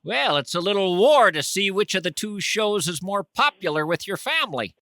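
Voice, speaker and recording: A man's voice: high-pitched, very animated, normal speed, bright, forceful tone, no echo, clean studio sound. A man hosting a podcast, riffing in a rambling comic monologue with theatrical mock outrage. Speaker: podcast host. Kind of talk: rambling comic monologue and prank phone call.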